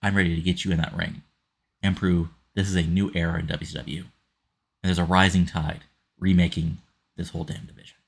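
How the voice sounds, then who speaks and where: A man's voice: sits low, flat delivery, brisk, creaky, breathy edge, exaggerated voice. A man voicing a young female wrestler issuing a determined challenge.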